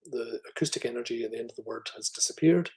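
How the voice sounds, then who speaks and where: A middle-aged Scottish man with an educated, middle-class accent works through a phonetics talk. He speaks at a mid pitch, thinks aloud with fillers and restarts, and sounds out sample words as he goes. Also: quick pace, darkish tone, poor audio. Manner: thoughtful, with fillers and restarts, demonstrating speech sounds. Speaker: phonetics professor giving a lecture. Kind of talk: academic online lecture.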